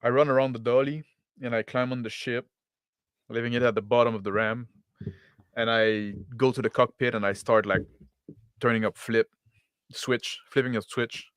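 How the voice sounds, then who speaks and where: A man's voice: mid-range voice, fairly even intonation, moderate pace, pauses often, a bit bright, clean tone, no room sound, studio quality. A man in a tabletop game session, roleplaying in character, blunt and swearing freely.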